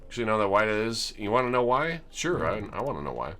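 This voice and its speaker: A man's voice: fairly low pitch, very animated, quick pace, fairly bright tone, soft background music. A man streaming a life-sim game, chatting casually and chuckling as he tours homes he built. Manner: chatty, amused, chuckles often. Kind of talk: casual gameplay commentary.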